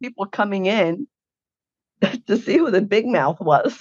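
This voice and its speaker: A woman's voice: mid-range voice, animated, measured pace, darkish tone, husky, dry recording, lo-fi sound. A woman guest telling her caregiving story in a blunt, indignant way. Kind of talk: emotional personal account.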